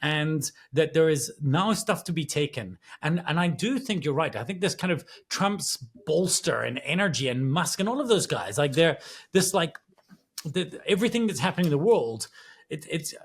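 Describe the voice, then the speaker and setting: A man co-hosting a podcast, thinking out loud in a rambling, reflective way with many restarts in a casual conversation. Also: fairly high pitch, lively intonation, moderate pace, husky. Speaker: podcast co-host.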